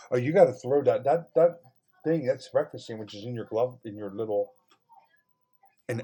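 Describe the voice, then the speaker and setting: There's a breathy edge to this man's voice as he animatedly and casually describes a customer-service ordeal that frustrated him. He swears without restraint, moving from low mutters to loud outbursts.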